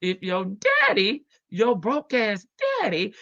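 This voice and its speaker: Sassy woman live-stream host, bright voice, brash and profane, dull lo-fi audio. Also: medium pitch, huge pitch swings, takes it slowly, gravelly, no echo. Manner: sassy, brash, swears freely and laughs often. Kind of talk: casual live-stream commentary. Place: home in Las Vegas.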